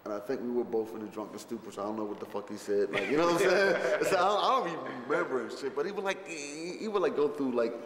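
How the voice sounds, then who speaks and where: Fast and barely pausing, a man with a mid-range voice recalls a film shoot in a casual interview, crowd noise and faint ambience behind him in an echoey hall with long reverb. He rambles profanely with plenty of fillers and restarts, animatedly playing out other people's lines.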